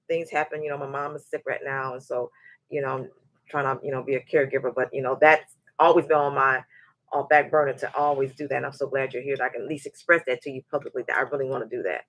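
A woman in her forties hosting a live show, chatting and telling a story in a lively way, often restarting her sentences. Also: very deep voice, quick pace, dry recording. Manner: animated, repeats words as she restarts, acts out quoted voices. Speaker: show host. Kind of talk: casual livestream chat and storytelling.

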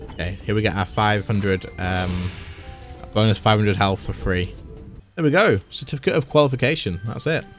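A man, chatting casually and laughing as he plays a game on stream. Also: mid-range voice. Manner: chatty, laughs often, thinks aloud. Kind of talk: casual gameplay commentary.

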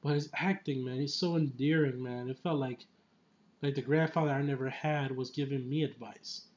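Rambling, excitable man reviewing a film. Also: mid-range voice, moderate pace, lo-fi sound. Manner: rambling and enthusiastic, many fillers and restarts; laughs often mid-sentence. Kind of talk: casual spoiler movie review.

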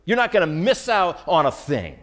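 A man preaching a sermon, animated and acting out the lines of Bible characters. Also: a little high, moderate pace. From United States.

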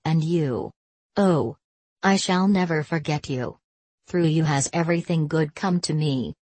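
A woman reading as a gentle elderly spinster. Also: deep voice, a little slow, dry recording. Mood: grateful. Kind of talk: storybook character voice.

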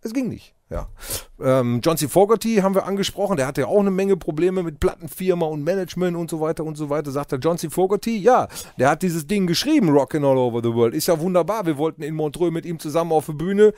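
A male radio host talks through an interview recap in a loose, filler-heavy way. His voice sits a little high for a man. The studio sound is dry and close to the mic, with no room echo. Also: expressive, quick pace, few pauses, a little mellow.

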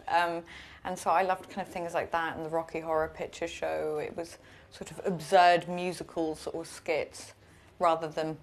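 English woman rambling through interview answers, kinda low voice. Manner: rambling, filler-heavy. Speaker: actress interviewee.

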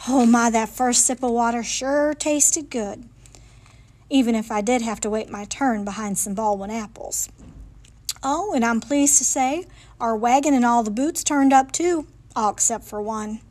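A woman reading a picture book aloud in a lively, folksy storytelling manner, in a library. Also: fairly high pitch, measured pace.

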